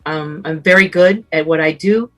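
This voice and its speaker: A middle-aged woman with a lower voice talks earnestly as a seasoned radio host. She offers help in a warm, storytelling way. Faint music sits quietly behind her. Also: normal speed. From Southern California. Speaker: radio talk show host and guest speaker. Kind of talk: casual panel conversation.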